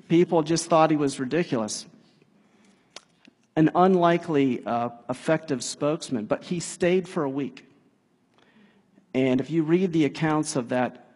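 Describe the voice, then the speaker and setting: A man preaching a sermon in a casual, animated way, building to emphatic peaks. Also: on the high side, breathy edge. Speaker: pastor. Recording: long hall reverb.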